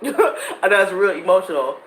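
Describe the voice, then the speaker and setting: A woman's voice: mid-range voice, very animated, measured pace, a bit bright, a little hiss or hum. A woman, chatting casually and animatedly with her viewers and laughing often. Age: 30s. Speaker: vlogger. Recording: echoey room with faint ambience.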